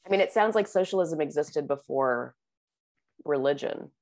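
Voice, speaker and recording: Chatty low-voiced woman, lively delivery. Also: normal speed. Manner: chatty, laughs easily, fillers like "like" and "you know". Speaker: podcast co-host. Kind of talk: casual chat, reading facts aloud.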